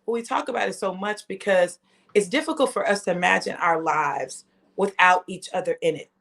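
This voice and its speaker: A woman's voice: mid-range voice, fairly quick, gravelly. Chatty woman in her fifties. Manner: animated, chatty, talks straight to viewers. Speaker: host. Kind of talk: casual live-stream storytelling.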